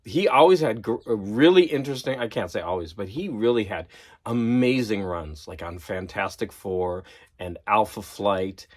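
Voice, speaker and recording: A man chatting casually in a vlog, excited and laughing at himself as he geeks out over comics. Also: on the low side, moderate pace. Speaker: vlogger. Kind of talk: casual chat.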